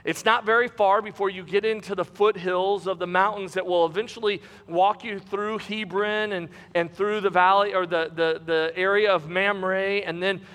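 A man's voice: high voice, steady tone, moderate pace, few pauses, fairly bright tone, in a large hall. A man preaching a sermon, reading scripture aloud with emphasis and turning aside to address the congregation.

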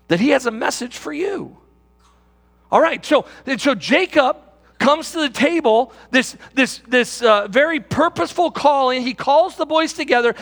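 A man's voice: extremely high pitch, bright, forceful tone, in a large hall. A male pastor delivering a sermon in an emphatic, rousing manner, often repeating phrases.

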